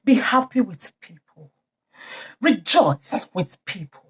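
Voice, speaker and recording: A woman's voice: mid-range voice, very animated, takes it slowly, fairly bright tone. A woman preaching informally to her channel's viewers, repeating and stressing her points. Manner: repetitive, exhorting, emphatic. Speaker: YouTube channel host.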